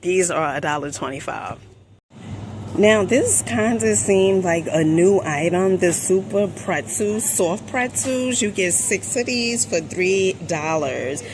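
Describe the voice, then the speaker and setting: A woman from New Jersey chatting through a store haul vlog, sassy and quick with asides, calling viewers honey. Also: fairly low pitch, lively intonation, background noise. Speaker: shopping haul vlogger. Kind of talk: casual product review vlog. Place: inside a store.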